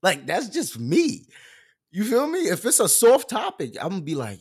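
A man hosting his own live stream, talking in an animated, loud and expressive way with casual slang and lots of fillers. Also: sits high, moderate pace, slightly rough.

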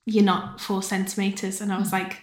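A woman talks openly in a relaxed, chatty way, laughing now and then. Her pitch sits at an ordinary middle height. The recording has a noticeable roomy echo around her. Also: brisk, a little hiss or hum. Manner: candid, chatty, often breaks into laughter. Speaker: podcast guest. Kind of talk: casual chat, telling a personal story.

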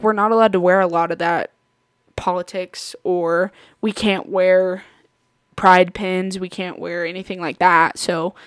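A woman hosts her podcast in loose, rambling storytelling, laughing often as she goes. Her voice sits in an ordinary middle pitch and is recorded close on the mic in a dry room. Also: a bit bright, no room sound. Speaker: podcast host. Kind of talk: casual storytelling chat.

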